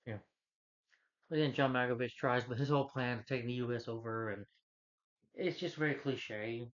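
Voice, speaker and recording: A man ranting through a movie review in a mid-pitched voice, blunt and meandering, circling back to the same points. The audio is a bit dull and lo-fi. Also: fairly even intonation, moderate pace. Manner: blunt, rambling, repeats himself with filler yeahs. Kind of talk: unscripted rant review.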